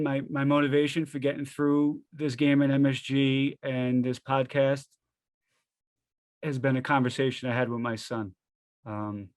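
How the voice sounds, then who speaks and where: A man's voice: mid-range voice, no echo. A middle-aged man, a retired firefighter, talking candidly and bluntly as an interview guest, swearing casually and restarting his sentences.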